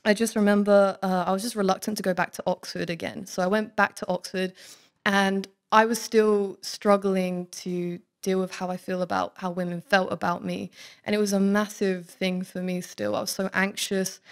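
A woman's voice: medium pitch, little pitch movement, moderate pace, clean tone. A young woman giving a candid, earnest personal faith testimony in church, talking casually with many "like"s. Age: young adult. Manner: candid, earnest, heavy use of "like". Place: student living in Oxford.

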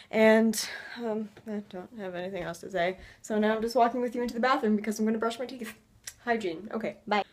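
A young woman from Canada chatting casually to camera in a daily vlog, swearing freely and joking at her own expense. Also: medium pitch. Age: young adult. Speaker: vlogger.

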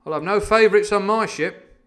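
A man's voice: sits high, takes it slowly, pitched above the performer's own voice. A man reading a storybook aloud, voicing a stern, clipped male ship captain who barks orders. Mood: barking. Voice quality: clipped, commanding.

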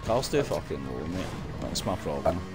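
A Scottish man gaming with a friend in casual, sweary banter that breaks into high yelling outbursts. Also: very animated, moderate pace, music in the background. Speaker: gamer streaming with a friend.

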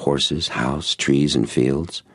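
A man's voice: a bass voice, fairly even intonation, very slow, husky, dry recording, clean studio sound, exaggerated voice. A man voicing a nervous, defensive younger man in an audiobook, easily flustered. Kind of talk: audiobook reading.

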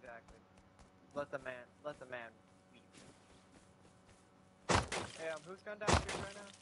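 A young man in casual gaming voice chat, excitable and rambling, swearing often. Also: on the high side, measured pace. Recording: loud background noise.

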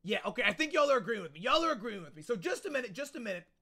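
High, bright-voiced excitable young man. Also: very fast. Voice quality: excitable, loud, repeats phrases. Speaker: gaming streamer. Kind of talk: energetic livestream chat.

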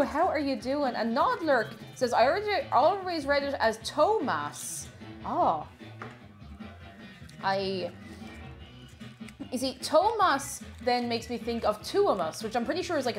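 Bubbly chatty woman streamer. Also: fairly high pitch. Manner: bubbly, chatty, repeats her phrases, greets chatters by name. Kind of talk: casual live-stream chat while baking.

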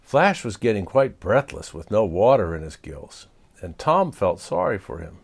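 A man reading a children's storybook aloud as storyteller, expressive and chuckling. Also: lowish voice, normal speed, vocal fry, breathy edge.

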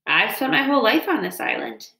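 Lady doing a calm polite robot girl, formal and even, echoey. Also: sits high, a little fast, voice pushed up, exaggerated voice. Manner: even, formal, plain-spoken. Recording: roomy echo.

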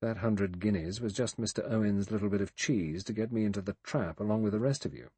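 A man's voice: on the low side, fairly quick, mellow, breathy edge, no room sound. A man voicing a cool, sardonic male adventurer in an audiobook, talking in a dry, guarded way. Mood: grim.

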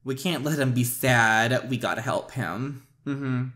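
A man's voice: mid-range voice, measured pace, a bit bright. A man hosting a story game playthrough, chatting playfully with frequent laughs and asides as he reads along. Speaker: gaming channel host.

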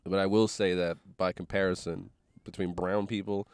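A man co-hosting a podcast from a car, talking with a stuffy nose. He makes blunt, deadpan jokes and follows them with short laughs. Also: deep voice, moderate pace, smooth, dry recording. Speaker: podcast co-host. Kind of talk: casual chat. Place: inside a car.

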